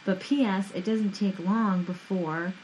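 A woman's voice: medium pitch, fairly even intonation, a little slow, darkish tone, a little hiss or hum, poor audio. A woman co-hosting a casual movie chat, agreeable and backing up her co-host. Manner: agreeable, backs up her co-host with short replies. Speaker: podcast co-host.

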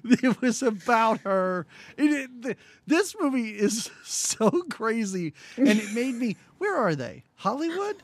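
Woman with a lively, bouncing voice. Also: a little high, measured pace, no echo. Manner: sarcastic, acts out scenes in quoted voices. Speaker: podcast co-host. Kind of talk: casual movie review chat.

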